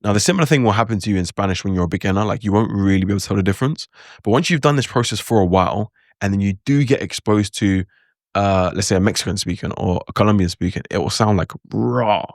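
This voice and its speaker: A man's voice: on the low side, fast talker, no room sound, studio quality. A man giving a casual spoken lesson on language learning, loose and chatty, full of asides and acted-out reactions. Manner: acts out his own reactions in quotes.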